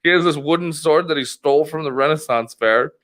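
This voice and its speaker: A man's voice: fairly high pitch, fairly quick, fairly bright tone. A man hosting a podcast, telling a long, profane story in casual chat, laughing often and rambling with restarts. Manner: rambling, profane, laughs a lot, acts out quoted voices. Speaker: podcast host.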